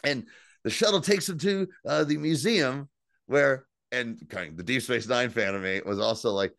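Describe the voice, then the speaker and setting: A man co-hosting a podcast, casually and excitedly recapping scenes, swearing freely and quoting lines. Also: mid-range voice, moderate pace, creaky, dry recording. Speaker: podcast co-host. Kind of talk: casual chat.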